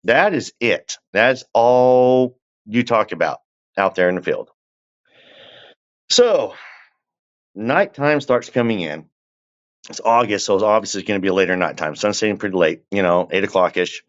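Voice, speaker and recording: A man, a guest telling a long story in a relaxed, conversational way and often turning to the listener with asides. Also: fairly low pitch, normal speed, pauses often, lo-fi sound. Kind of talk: casual storytelling.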